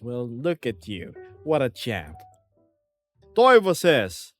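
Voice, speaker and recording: A man's voice: medium pitch, huge pitch swings, drawn-out words, pauses often, faint music behind. A man, streaming from home and reading viewer comments aloud in a playful, chuckling way. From Philippines.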